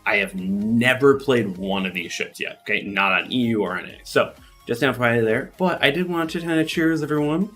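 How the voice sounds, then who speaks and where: A man's voice: medium pitch, brisk, a bit bright, soft background music. A man with a Midwestern accent, casually chatting and explaining on a game stream, with lots of fillers. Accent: Midwestern American.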